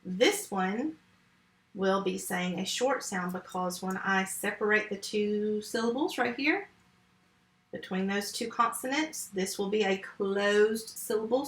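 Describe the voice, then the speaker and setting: A woman's voice: medium pitch, fairly bright tone, echoey room, poor audio. A woman teaching a remote phonics lesson to first graders, walking through each sound and word step by step with patience. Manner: slow, patient step-by-step instruction.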